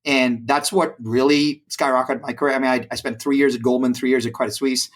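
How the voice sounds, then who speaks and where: A man in his forties from India, a podcast guest telling stories in an animated conversational way, with frequent fillers and restarts. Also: medium pitch, a little fast. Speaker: podcast guest, brokerage president. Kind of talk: conversational storytelling.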